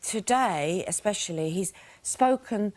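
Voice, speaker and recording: A woman in casual chat, telling stories in an animated way and mimicking other people. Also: mid-range voice, a little slow. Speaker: reality show contestant.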